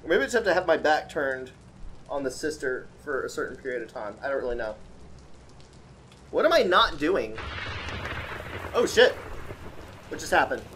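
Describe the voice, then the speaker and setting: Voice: mid-range voice, very animated, moderate pace, long pauses, a bit bright, slight background noise. A let's play host giving casual, joking gaming commentary, chatting with viewers and teasing the game's characters.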